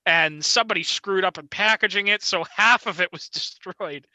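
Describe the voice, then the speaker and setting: A man's voice: sits high, normal speed, bright, forceful tone, dry recording, poor audio. A man telling a story in a chatty way during a casual group chat.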